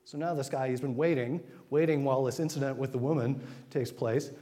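A man giving an informal sermon, retelling scripture in a conversational way with quick acted asides. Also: medium pitch, steady tone, mellow. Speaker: preacher. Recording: long hall reverb.

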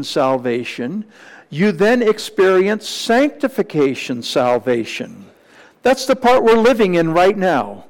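A man preaching a sermon, teaching from slides with emphatic repetition and rhetorical questions. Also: high voice. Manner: slow, emphatic, with repeated phrases and rising questions.

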